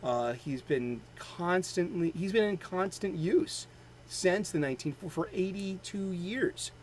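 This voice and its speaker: A man's voice: high-pitched, a little hiss or hum, poor audio. Rambling Boston man talking comics. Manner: rambling, halting, with many fillers; enthusiastic fan. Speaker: host of a daily comics show. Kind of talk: casual chat.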